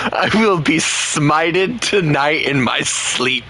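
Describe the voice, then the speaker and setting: A man's voice: on the high side, expressive, takes it slowly, hardly any pauses, sharp tone, slight background noise, rough recording. A man, chatting casually and joking teasingly while streaming a game. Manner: joking, playfully teasing, laughs often. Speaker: gaming streamer. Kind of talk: casual live gameplay chat.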